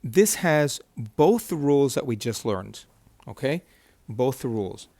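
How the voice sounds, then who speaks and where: Man, Hebrew teacher, patient, repeats terms, checking questions, middle pitch, dry close sound. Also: expressive, measured pace, warm tone, dry recording. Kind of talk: whiteboard lesson.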